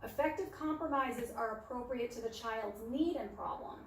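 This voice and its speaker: A woman's voice: a little high, moderate pace, a little hiss or hum. Woman presenting in an echoey room. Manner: practical, acts out parent and child lines. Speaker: workshop presenter. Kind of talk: parenting workshop talk. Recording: echoey room, speaker far from mic.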